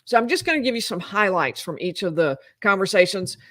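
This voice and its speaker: A woman's voice: medium pitch, expressive, a little fast, a bit bright, no room sound, studio quality. A woman lawyer giving live legal commentary in an explanatory, emphatic way.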